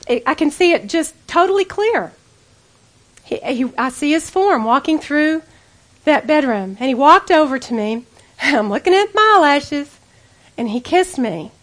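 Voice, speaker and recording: A woman giving an earnest personal testimony sermon to women, storytelling intimately and pleading with the listeners. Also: high-pitched. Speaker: women's speaker.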